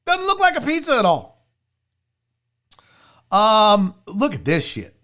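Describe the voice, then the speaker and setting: A woman's voice: mid-range voice, huge pitch swings, slow pace, fairly bright tone. A woman hosting a casual livestream chat, blunt, profane and mocking as she reacts. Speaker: sports show host.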